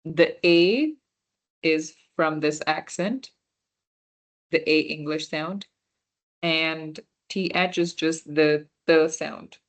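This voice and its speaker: Slow-paced young woman teaching beginner French. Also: sits low. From Punjabi background. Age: young adult. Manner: explains patiently, checks students understand. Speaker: French workshop instructor. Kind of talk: online class teaching.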